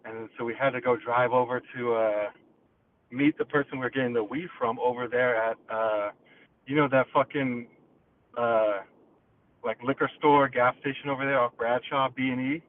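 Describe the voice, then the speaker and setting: A man calling in from his car, telling a story in an excitable, profane way over the phone. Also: mid-range voice, normal speed. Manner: profane, excitable, acts out quotes. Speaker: caller. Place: in a car, driving. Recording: tinny phone line.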